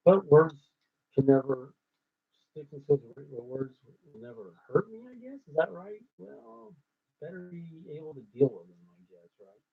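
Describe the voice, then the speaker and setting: A man hosting his own show, ad-libbing and thinking out loud as he tries rhyming lines, swinging between loud and hushed. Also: on the high side, moderate pace. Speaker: host working out rhymes. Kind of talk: ad-libbed musing monologue. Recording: tinny phone-like sound.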